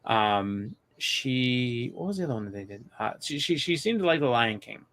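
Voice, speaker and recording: Guy hosting a live show, mid pitch, rambly, lots of "like" and "um", keeps restarting. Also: animated, moderate pace, a bit bright. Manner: rambling, many restarts and fillers. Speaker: host of a live comics show. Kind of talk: casual chat.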